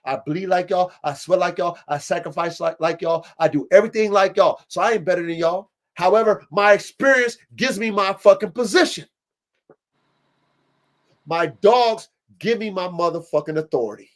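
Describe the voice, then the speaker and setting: High-voiced, emphatic, preachy man. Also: normal speed. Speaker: podcast host and dog breeder. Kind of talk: impassioned livestream podcast talk.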